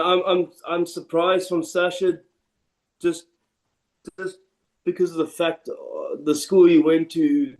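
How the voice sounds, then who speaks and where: Man, podcast co-host, blunt, opinionated, slightly high voice. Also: a little mellow, rough recording. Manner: blunt, opinionated, emphatic repetition. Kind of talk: casual rugby chat.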